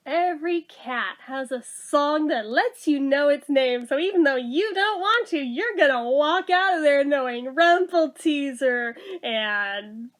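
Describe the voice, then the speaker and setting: A woman giving a casual movie review, sarcastic and blunt, swearing freely. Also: high voice.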